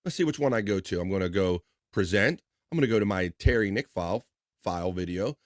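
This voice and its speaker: A man's voice: deep voice, fast, no echo, studio quality. A man hosting a casual live stream, rambling, laughing often and restarting his sentences. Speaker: livestream host.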